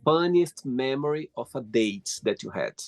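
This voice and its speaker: A man's voice: mid-range voice, animated, normal speed, no room sound, soft background music. Host man with phrasing. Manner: brief, encouraging interjections with broken phrasing. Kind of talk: casual interview.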